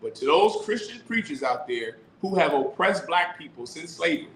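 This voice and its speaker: Man, preacher, emphatic, rhetorical questions, somewhat high voice, forceful tone, echoey room with faint rumble. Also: very animated, normal speed. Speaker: teacher of a religious class. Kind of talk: sermon-style scripture teaching.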